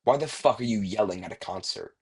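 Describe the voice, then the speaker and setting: A young man rambling through casual online commentary, swearing freely and filling pauses with "like" and "um.". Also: lowish voice, darkish tone, slightly rough. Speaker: commentary YouTuber.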